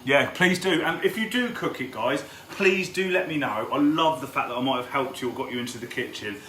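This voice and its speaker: A man's voice: medium pitch, brisk, sharp tone, a little hiss or hum. A man hosts a live cook-along from his home kitchen, chatting casually and greeting viewers by name as he cooks. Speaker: cooking show host. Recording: echoey kitchen with frying sizzle.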